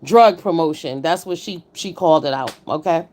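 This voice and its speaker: Woman streamer, blunt, slightly low voice, chatty commentary. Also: moderate pace, a little mellow. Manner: blunt, greets chat viewers by name. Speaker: livestream host reviewing a contest. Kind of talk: casual livestream commentary.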